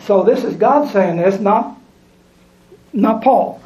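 A man's voice: high-pitched, expressive, slow, long pauses. A man preaching a sermon, reading scripture aloud and repeating lines for emphasis. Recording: echoey room, dull lo-fi sound.

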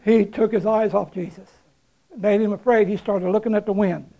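A man's voice: high-pitched, steady tone, moderate pace, vocal fry, dull audio. A man preaching a sermon, retelling a story in a folksy, conversational way with chuckles and emphatic repetition.

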